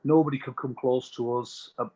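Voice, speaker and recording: A British man, a business owner as interview guest, telling anecdotes in a chatty, animated way. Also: medium pitch, a little fast, husky, lo-fi sound.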